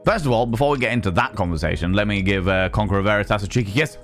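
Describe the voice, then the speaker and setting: A man's voice: on the low side, rapid-fire, faint music behind. A man chatting casually with his viewers on a live stream, greeting them by name and rambling playfully between topics.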